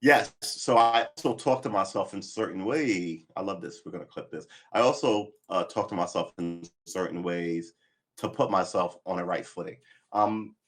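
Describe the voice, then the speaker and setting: A gruff man with a lowish voice rambles through a live-stream chat. He thinks out loud, drifts from topic to topic and swears freely. His tone is blunt and offhand, like he's talking to himself as much as to viewers. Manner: rambling, profane, thinks aloud and talks to himself. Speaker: livestreamer practicing guitar.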